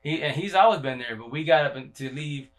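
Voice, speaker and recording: A man's voice: on the high side, expressive, a little fast. A man in a casual livestream talk, rambling and profane, full of slang, often repeating himself and restarting his sentences.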